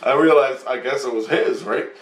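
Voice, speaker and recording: A man's voice: mid-range voice, moderate pace, a crowd in the background. Rambling man telling a story, roomy sound. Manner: rambling, repeats himself, swears. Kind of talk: casual storytelling to camera. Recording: roomy, distant from the mic.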